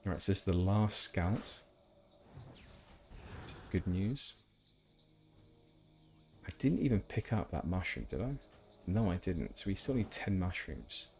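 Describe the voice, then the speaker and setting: A man's voice: low voice, animated, measured pace, pauses often, a little mellow, a little hiss or hum. A man chatting casually while streaming a game, rambling with asides. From England. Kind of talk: casual gameplay chat.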